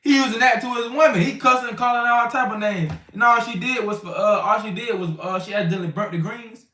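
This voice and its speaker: A man's voice: extremely high pitch, quick pace, bright, forceful tone. A man teaching scripture to the brothers in a loose, slangy, conversational way, acting out little scenes as he goes. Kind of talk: informal bible teaching. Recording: roomy sound from a distant mic.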